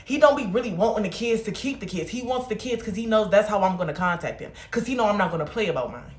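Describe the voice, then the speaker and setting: A woman's voice: mid-range voice, animated, quick pace, echoey room. A woman hosting a livestream, venting in a blunt, heated, profane way. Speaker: livestream host.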